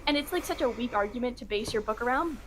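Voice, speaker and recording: A woman speaks high in her range as she delivers a pointed commentary video. Her manner is brisk, assertive and dismissive. There is faint background noise behind her voice. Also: expressive, a bit bright.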